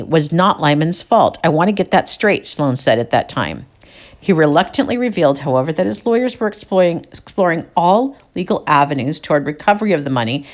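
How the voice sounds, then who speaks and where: A woman around fifty, hosting a podcast, reads old newspaper clippings aloud and breaks in with wry, chatty comments. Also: sits low. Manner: wry, chatty asides between read passages. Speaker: podcast host.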